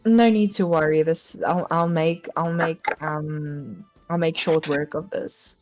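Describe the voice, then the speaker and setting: Woman voicing a cocky young adventurer, breezy, slow-paced, lowish voice. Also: fairly even intonation, darkish tone, faint music behind.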